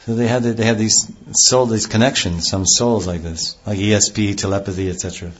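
A man with a low voice gives a devotional lecture. He talks in a rambling way, restarting phrases often. The recording is dull and lo-fi. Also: steady tone, fairly quick, a little hiss or hum. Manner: rambling, with many restarts and acted quotes. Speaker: spiritual teacher.

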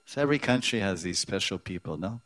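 Low-voiced man giving a devotional talk. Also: animated, quick pace, fairly bright tone, dry recording. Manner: storytelling, acts out quotes, chuckles often; sprinkles Sanskrit and Hindi terms. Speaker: religious teacher. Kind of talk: devotional lecture.

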